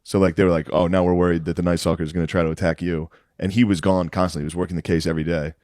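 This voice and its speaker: A man hosting a casual podcast, joking deadpan and recapping a show he watched. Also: low voice, very fast, dry recording, clean studio sound. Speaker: podcast host.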